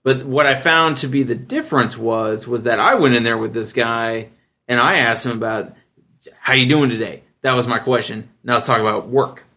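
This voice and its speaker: A man in his thirties hosting a casual podcast, telling stories with lively energy and jumping high when he quotes other people. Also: moderate pace. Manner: animated storyteller, jumps high when quoting others. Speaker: podcast host.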